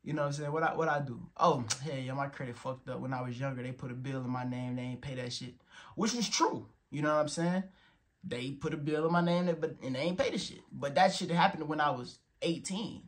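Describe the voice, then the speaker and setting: A man's voice: on the high side, vocal fry. A young man in his twenties giving a blunt, profane motivational talk, stressing words and checking in with "you feel me". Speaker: motivational vlogger. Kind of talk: casual motivational monologue.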